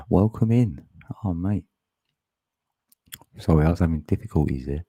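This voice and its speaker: A man's voice: low-pitched, animated, measured pace, warm tone, husky, dry recording. A man chatting casually on a live stream, laughing often and greeting viewers by name.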